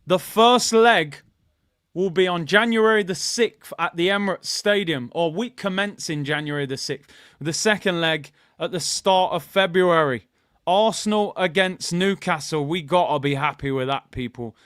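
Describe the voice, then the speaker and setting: A man hosting a live football watchalong, chatting with his viewers and shouting at good news. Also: a little high, moderate pace, no room sound, studio quality. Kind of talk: live fan stream chat.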